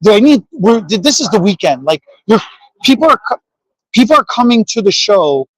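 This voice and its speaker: A man co-hosting a podcast, talking in animated, teasing banter and saying he is exhausted. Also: high-pitched, normal speed, no echo, poor audio. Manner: animated, teasing, says they are exhausted. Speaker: podcast co-host. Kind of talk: casual banter. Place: trade show floor.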